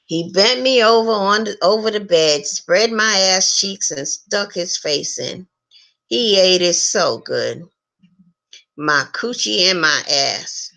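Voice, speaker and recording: A woman reading an erotic story aloud in a frank, unhurried way, with blunt asides. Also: medium pitch, animated, creaky, bright, forceful tone. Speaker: reader of online stories.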